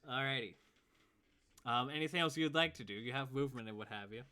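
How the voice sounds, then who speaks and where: A man runs a tabletop game as its game master, his voice very bright and forceful. He is laid-back, chuckles easily and counts out movement step by step. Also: medium pitch, fast talker.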